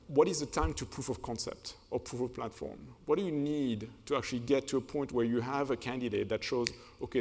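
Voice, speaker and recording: A man's voice: medium pitch, darkish tone. A man answering a question on a conference panel, hesitant, with many fillers and restarts. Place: conference hall. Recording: reverberant conference hall.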